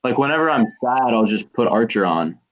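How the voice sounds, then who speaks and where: Here the stream host talks quickly and expressively in a medium-pitched voice, still rambling through anecdotes full of filler words. It's a casual hangout stream from a young man, captured in muffled, lo-fi sound.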